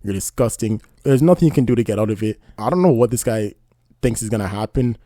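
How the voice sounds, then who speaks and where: A man's voice: lowish voice, animated, fast talker, warm tone, no echo, studio quality. A man doing casual online commentary, indignant and rambling, often asking "you know what I mean". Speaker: commentary YouTuber.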